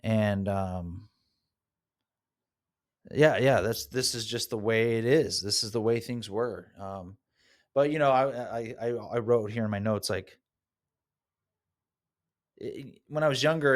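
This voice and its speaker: A man hosting a solo podcast, reflecting candidly on his family and past in a soul-searching, unscripted way. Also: on the low side. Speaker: podcast host.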